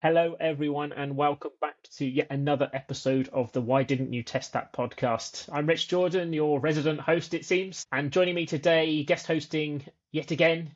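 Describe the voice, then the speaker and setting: A man's voice: fairly high pitch, steady tone, normal speed, hardly any pauses. A man hosting a podcast, chatting casually with light, self-deprecating banter. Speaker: podcast host. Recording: dull lo-fi sound.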